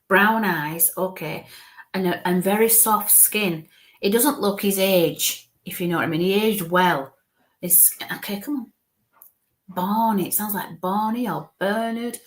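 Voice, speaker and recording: A woman working as a psychic medium, giving a live reading in a halting way and breaking off to murmur coaxing asides under her breath. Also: medium pitch. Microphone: live stream mic.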